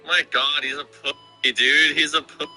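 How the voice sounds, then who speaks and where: A man's voice: fairly high pitch, fairly even intonation, moderate pace, sharp tone, soft background music, low-quality recording. A man chatting casually while watching a movie, cracking crude, sarcastic jokes. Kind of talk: casual movie reaction chat.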